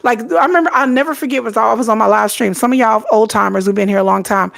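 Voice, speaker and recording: A woman's voice: a little high, fast talker, vocal fry. A middle-aged woman hosting a casual livestream, telling stories with lots of laughter and casual swearing. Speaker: K-pop commentary livestream host.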